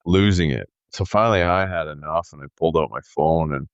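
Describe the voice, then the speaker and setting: A man in his thirties telling a story in casual podcast chat, animated and peppered with "dude" and "like". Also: rumbling low, brisk, clear, resonant tone, no echo, highs cut off. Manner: animated storyteller, says "dude" and "like", acts out quoted voices. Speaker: podcast co-host.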